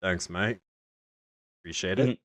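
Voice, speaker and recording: A man's voice: low voice, measured pace, a bit bright, no echo, voice pushed down. A man voicing a laid-back adult male druid at a tavern, giving short, offhand replies.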